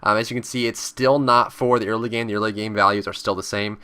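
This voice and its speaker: A man chats quickly about a game, with a bright, smooth voice. He often jumps into squeaky, panicked impressions of other players. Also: no echo. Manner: animated, acts out panicked players in high voices. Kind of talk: casual gaming chat.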